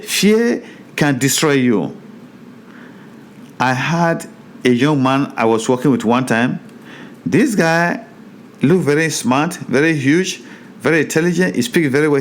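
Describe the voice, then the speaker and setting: A man teaching a Bible study in a sermon style, reading scripture aloud and preaching with animated, repeated phrases. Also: medium pitch, a little hiss or hum. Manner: slows down over hard place names.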